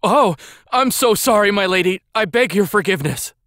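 Dude doing a scared little butler boy, high voice, stuttering sorry over and over. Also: animated, moderate pace, a bit bright, clean tone, no room sound, clean studio sound. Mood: cowering, pleading. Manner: stammering, pleading apologies. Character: timid, weak-spirited boy butler.

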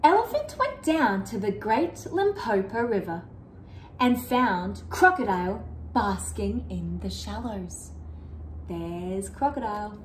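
A woman reading a picture book aloud to children, animated and asking the listener questions. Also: mid-range voice, takes it slowly, roomy sound, a little hiss or hum. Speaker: children's storyteller.

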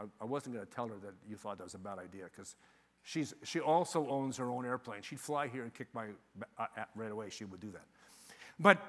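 Lively high-voiced older man giving a talk. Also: big-room sound. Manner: animated, joking storyteller. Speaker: sales trainer giving a conference talk. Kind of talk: live conference presentation. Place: conference venue.

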